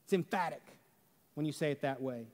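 A man's voice: fairly high pitch, a little fast, a little mellow. A man preaching a sermon in a church sanctuary, talking conversationally and asking the congregation rhetorical questions. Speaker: pastor. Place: church sanctuary under stage lights. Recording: long hall reverb.

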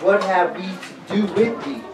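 A mid-pitched voice reads scripture slowly and carefully. The sound is distant and echoes around a large hall, with music clearly playing behind. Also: darkish tone. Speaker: scripture reader. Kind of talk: reading scripture aloud. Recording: echoey room, mic far off, music behind.

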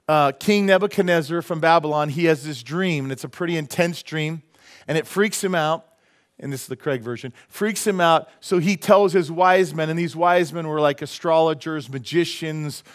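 Folksy preaching man, slightly high voice. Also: clean tone. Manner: casual, folksy preaching with quick asides. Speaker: pastor. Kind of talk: sermon. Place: church sanctuary.

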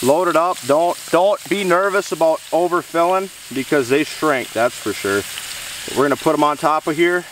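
A man's voice: fairly high pitch, moderate pace, fairly bright tone, a little hiss or hum. Chatty outdoorsman, distant mic. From US Midwest. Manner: folksy, chatty, enthusiastic. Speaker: outdoor show host. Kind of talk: casual outdoor cooking vlog. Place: outdoors near woods.

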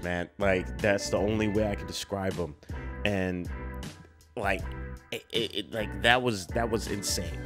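A young man hosting a film reaction, talking casually with loud, excitable outbursts and frequent laughter. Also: fairly low pitch.

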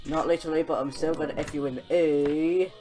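A young woman commenting on a horror game she is playing, excitable and often yelling at the characters on screen. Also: low voice, fairly quick, music in the background. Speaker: gaming channel host. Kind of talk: let's-play commentary.

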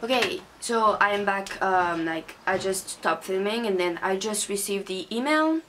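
A woman's voice: mid-range voice, unhurried, noisy background. A young woman, not a native English speaker, angrily ranting in a casual beauty vlog, recorded at home on a camera mic. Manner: angry, swearing rant. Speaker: beauty vlogger.

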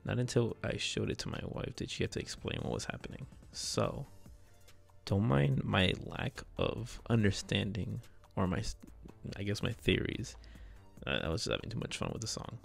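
A man hosting a music video reaction, talking in a hushed late-night voice and rambling casually with fillers and restarts. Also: lowish voice, expressive, normal speed, gravelly. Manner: hushed late-night voice he calls his ASMR voice.

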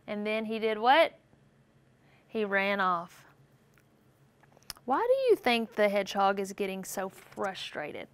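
Speaking slowly with long pauses, a woman with a clear, resonant mid-range voice reads a storybook to young children. She animatedly poses questions and supplies the answers herself.

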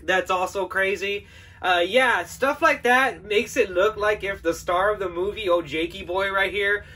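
A man's voice: high-pitched, a little slow, bright, forceful tone, breathy edge. A man hosting a podcast, giving a casual, profane and sarcastic film review with frequent laughter. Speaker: podcast host.

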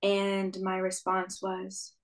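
A woman's voice: mid-range voice, completely flat delivery, slow pace, low-quality recording. A young woman, a stage actress, telling her story as a guest in an interview, earnest and reflective, with frequent "like" and "um". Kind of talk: conversational interview.

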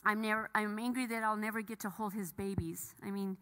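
A middle-aged woman speaking haltingly and with emotion as she gives a personal testimony to a church audience, with many fillers and restarts. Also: medium pitch, steady tone, pushed and bright, clean tone. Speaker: bereaved mother sharing testimony. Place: church sanctuary. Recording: long reverb of a church hall.

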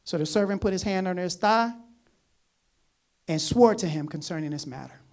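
Emphatic preacher repeating key phrases. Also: medium pitch. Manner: reads scripture aloud between comments; swings between loud urgent lines and quiet asides. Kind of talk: sermon.

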